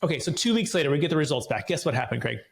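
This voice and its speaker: A man who is a podcast guest. He tells stories animatedly and acts out dialogue in lively voices. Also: fairly high pitch, very fast, gravelly. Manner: repeats words when starting sentences. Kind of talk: animated storytelling.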